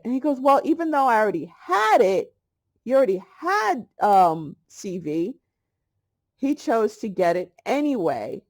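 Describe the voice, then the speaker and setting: A middle-aged woman talks to camera in a casual, chatty monologue. She tells her story freely, slipping into the voices of the people in it as she goes. Her pitch sits in the middle of a woman's range. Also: a little mellow. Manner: chatty storytelling, acting out both sides of a conversation. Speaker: holistic health vlogger.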